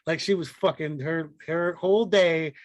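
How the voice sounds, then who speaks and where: A man's voice: fairly high pitch, steady tone, normal speed. Rambling, profane podcast co-host, man. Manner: rambling, profane, frequent restarts and fillers. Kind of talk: casual podcast chat.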